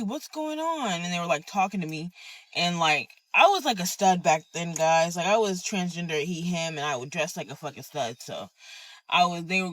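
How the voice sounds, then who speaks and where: A person recounts a personal story in an unfiltered, rambling storytime way, tossing in slang and the odd swear. The voice sits at a middle pitch. The recording is dry and close, with no room sound. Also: sharp tone, no room sound. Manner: candid, rambling, peppered with "bro" and swearing. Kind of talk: casual storytime monologue.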